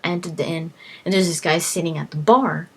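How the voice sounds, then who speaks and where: A woman's voice: fairly low pitch, fairly even intonation, brisk, breathy edge. A woman casually recounting a video game adventure, rambling with lots of fillers and restarts. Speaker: gaming vlogger.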